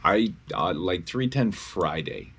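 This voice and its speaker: A man's voice: deep voice, sing-song, takes it slowly, creaky, a bit bright, husky. A young man in a casual video diary, talking bluntly and swearing a lot. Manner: blunt and heavily profane. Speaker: independent musician. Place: at home.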